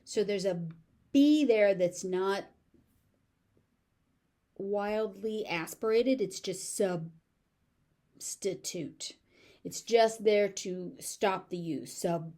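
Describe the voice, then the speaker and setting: A woman with a General American accent teaching pronunciation, repeating each word slowly before explaining its sounds and stress. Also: medium pitch, dark tone. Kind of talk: slow, deliberate pronunciation drill.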